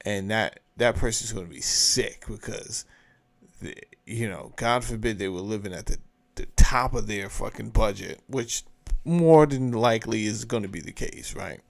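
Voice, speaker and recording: A man's voice: lowish voice, moderate pace, creaky. A man hosting his own show, giving blunt, profane, emphatic commentary in a casual rant. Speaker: show host commenting on a clip.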